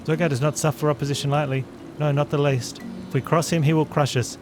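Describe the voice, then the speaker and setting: A man voicing a nervous little kobold creature that repeats every phrase with three synonyms, reading game dialogue over loud game music. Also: on the high side, little pitch movement, fast, natural voice. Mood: pleading.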